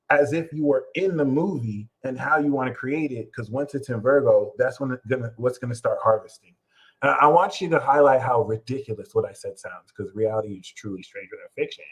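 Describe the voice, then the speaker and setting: A man's voice: medium pitch, low-quality recording. A man hosting his own astrology channel, talking in a rambling, profane and jokey way and circling back to the same catchphrases. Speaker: astrology reader and channel host. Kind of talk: casual astrology commentary.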